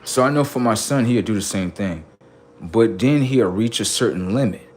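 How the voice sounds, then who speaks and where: A middle-aged man rambling profanely to his livestream about his kids, acting out what they say in lively quoted voices. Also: lowish voice, normal speed, a little hiss or hum. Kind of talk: casual monologue to a livestream audience.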